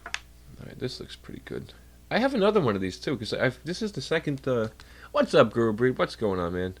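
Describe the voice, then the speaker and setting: A young male streamer rambles into his desk mic with a lively, bouncing pitch. He swears freely and jokes with his chat. His nose sounds a little stuffed and nasal. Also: brisk. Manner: rambling, profane, jokey, talks to chat. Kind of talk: casual chat on a livestream.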